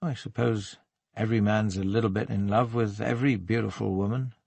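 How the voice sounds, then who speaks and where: A male narrator voicing a gentle, soft-spoken theatre man with a wry, evasive manner, in an audiobook. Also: mid-range voice, animated, normal speed, vocal fry, no room sound. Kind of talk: audiobook character voice.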